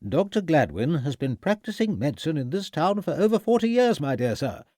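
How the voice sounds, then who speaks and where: A man's voice: fairly high pitch, very animated, brisk, mellow, no echo, pitched above the performer's own voice. A haughty, short-tempered schoolmaster in a period mystery audiobook, as a narrator voices him. He snaps his lines curtly, with little patience for anyone. The recording is dry and close. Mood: irritated. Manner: curt and irritated.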